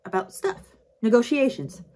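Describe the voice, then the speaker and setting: A woman voicing a smooth, charming young male heir, breezy and offhand. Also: fairly high pitch, very animated, normal speed, dark tone, pitched above the performer's own voice.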